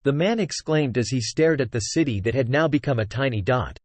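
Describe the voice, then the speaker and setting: A man's voice: medium pitch, animated, a little fast, no echo. A computer-generated man's voice narrating a fantasy novel, reading punctuation marks aloud. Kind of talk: text-to-speech novel narration.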